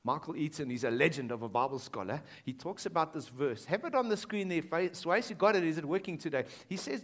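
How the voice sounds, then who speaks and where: A man preaching a sermon in a school hall, shifting between loud emphatic lines and hushed quoted lines. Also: fairly high pitch, animated, a little fast, hardly any pauses. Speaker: pastor.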